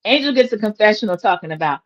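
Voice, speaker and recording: A recap host in her forties talks fast and expressively through a reality TV episode, her voice at a middle pitch. Chatty and opinionated, she calls out to her viewers as "y'all." The recording sounds dull and lo-fi, like a home setup.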